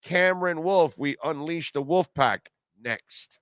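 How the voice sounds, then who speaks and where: A man's voice: on the high side, slow, heavy background noise. A man hosting a live sports radio show, ranting sarcastically and reading listener comments. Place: car dealership live broadcast.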